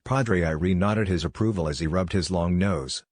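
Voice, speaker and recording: Male audiobook narrator, steady and measured, low voice, dry close mic. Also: dry recording.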